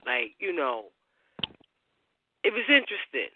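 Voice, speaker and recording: A speaker on a radio talk show chatting casually, halting at times and then pressing a point. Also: mid-range voice, very animated, background noise. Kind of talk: casual chat. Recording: dry tinny phone-line audio.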